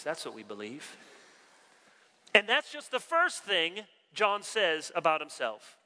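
A man preaching a sermon as pastor, animated with wry asides and slowing down for emphasis. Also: fairly high pitch, big-room sound.

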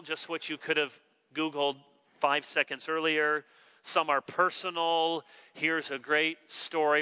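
Male pastor, very bright and sharp tone, smooth clear delivery, measured sermon with dry wit. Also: on the high side. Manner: measured, emphatic scripture reading with dry humor.

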